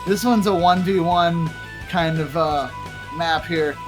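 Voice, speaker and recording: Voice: mid-range voice, slow, music in the background. An esports caster giving live tournament commentary from a home setup into a desk mic with a pop filter, talking in a chatty, rambling way with laughing asides. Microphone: desk microphone with pop filter.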